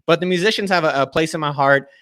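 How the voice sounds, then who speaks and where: A man's voice: fairly high pitch, fast talker, a bit bright, no room sound. A man hosting a casual live video show, enthusiastic and effusive as he thanks and plugs his guests. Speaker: host.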